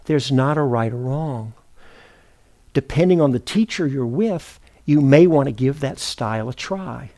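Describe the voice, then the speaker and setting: A middle-aged man giving a meditation teaching at a retreat center, speaking in an unhurried, thoughtful way, often pausing to correct himself. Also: medium pitch, lively intonation, mellow. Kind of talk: dharma talk.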